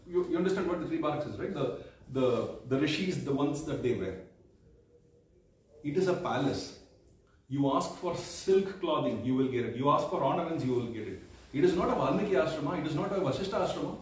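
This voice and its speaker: Male scripture teacher, explanatory and hesitant, fairly high voice, recorded in a temple hall with a strong echo. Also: expressive, fairly quick. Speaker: religious studies teacher. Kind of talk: scripture storytelling class. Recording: echoey temple hall, distant mic.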